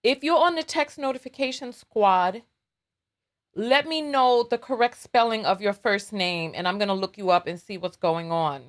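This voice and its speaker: A woman's voice: mid-range voice, moderate pace. A woman hosting a casual live stream while doing her makeup, teasing viewers in a playful, dramatic way.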